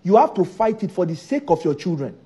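A man's voice: high-pitched, big pitch swings, brisk, dark tone, husky, muffled recording. A man preaching a sermon, driving his points home by repeating key phrases.

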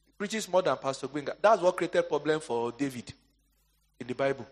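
A male preacher with a voice on the high side and lively intonation delivers a brisk sermon. He poses questions for the congregation to answer aloud and shifts between soaring, emphatic lines and quieter asides.

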